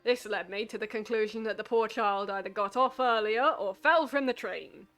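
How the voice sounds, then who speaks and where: A woman voicing a stern, measured male inspector in a video game. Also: mid-range voice, fairly bright tone, soft background music, natural voice.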